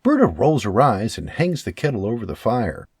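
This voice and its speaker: A man reading an audiobook as its narrator, in a steady storytelling manner. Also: on the low side, moderate pace, husky, no room sound, clean studio sound. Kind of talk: scripted narration.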